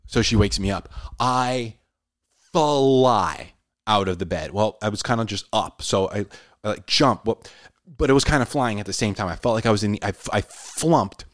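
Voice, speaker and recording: Low-voiced man telling a story casually. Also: normal speed, dry recording, clean studio sound. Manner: animated, says "dude" a lot.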